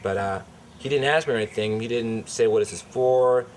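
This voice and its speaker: A man recounting a police traffic stop, acting out the officer's shouting in a lively storytelling voice. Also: medium pitch, a little fast. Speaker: dispensary promoter recounting an arrest.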